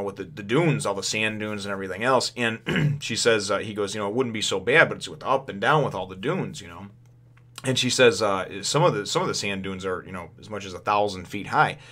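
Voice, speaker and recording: A man's voice: on the low side, sharp tone. A man casually reviewing a manga chapter, rambling with many fillers and raising his voice to act out the characters' lines. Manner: rambling, lots of fillers, laughs while retelling; acts out lines of the characters in a raised voice.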